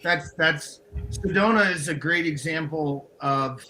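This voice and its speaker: Upbeat guy co-hosting a podcast, higher bright voice, hypes people up. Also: measured pace, slight background noise, rough recording. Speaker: co-host. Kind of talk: casual podcast conversation.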